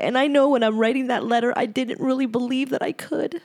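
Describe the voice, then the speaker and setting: A woman hosting a podcast who reads her own journal entry aloud, then reflects on it in an earnest, emotional way, often halting and repeating herself. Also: high voice, steady tone, darkish tone. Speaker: podcast host.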